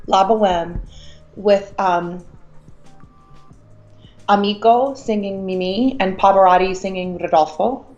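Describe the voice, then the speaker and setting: A woman's voice: medium pitch, a little mellow, muffled recording. A young woman from Mississippi, an opera singer co-hosting a live stream over a Skype call, chatting with gushing enthusiasm and stretching words for emphasis. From Mississippi, USA. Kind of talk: casual live stream chat answering questions. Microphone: remote Skype call.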